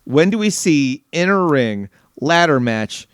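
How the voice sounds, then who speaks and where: A man's voice: a little high, lively intonation, unhurried, clear, resonant tone. A man hosting a casual interview, jokey and enthusiastic, often stumbling over his words. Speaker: host.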